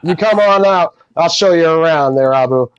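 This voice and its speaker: Chill guy on a stream as a guest, easy slangy talk, a bit high-pitched. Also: moderate pace, lo-fi sound. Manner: laid-back, easygoing slang. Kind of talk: casual chat.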